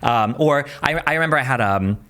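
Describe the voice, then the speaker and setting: A man's voice: medium pitch, expressive, brisk, pushed and bright. A man hosting a podcast, chatting casually and rambling through his points with self-aware laughs. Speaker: podcast host. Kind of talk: casual interview chat.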